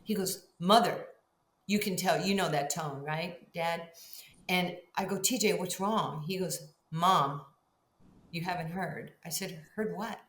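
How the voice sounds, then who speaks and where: A woman's voice: lowish voice, a little slow, a bit bright, roomy sound. A middle-aged woman telling a story as a podcast guest, animatedly acting out both sides of each conversation. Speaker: guest, Hall of Fame basketball player.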